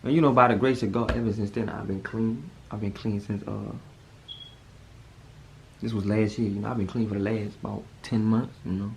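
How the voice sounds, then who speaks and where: A man tells a personal story straight to camera. His delivery is casual and animated, and his voice jumps sharply higher when he acts out moments of panic. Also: moderate pace, vocal fry, a little hiss or hum. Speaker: vlogger telling a personal story.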